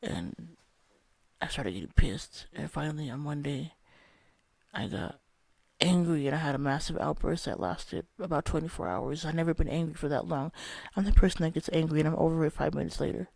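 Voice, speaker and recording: A man's voice: fairly high pitch, expressive, a little fast, vocal fry, darkish tone, no echo. A young man telling a candid, rambling personal story about a spiritual experience, swearing often. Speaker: vlogger.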